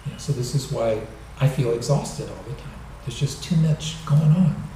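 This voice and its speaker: A man giving a dharma talk, explaining gently and joking now and then, recorded in a temple hall. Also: mid-range voice, expressive, moderate pace, slight background noise. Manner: gentle, explanatory, with light humor. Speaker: minister. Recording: echoey hall, mic at a distance.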